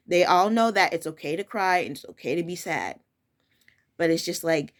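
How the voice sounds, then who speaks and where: A woman's voice: fairly low pitch, moderate pace. A young woman chats about her work as a preschool teacher in a frank, firm way. She often restarts and corrects herself mid-sentence, then pushes on with plain, direct words. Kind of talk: casual personal storytelling.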